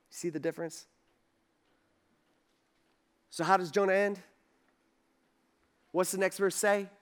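A man with a fairly high voice preaching a sermon. He talks in a conversational, animated way, with casual asides, and slips into quoted voices as he acts out the story. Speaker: pastor.

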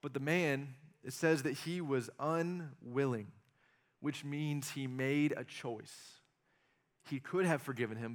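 A male pastor delivering a sermon in a slightly higher voice. He is animated, drops jokey asides and acts out the quoted lines.

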